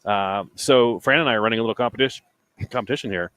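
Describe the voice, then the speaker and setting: A man's voice: fairly low pitch, quick pace, fairly bright tone, smooth, no room sound. A man commentating live on an obstacle race, emphatic and chatty, repeating his points. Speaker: race commentator and podcast host.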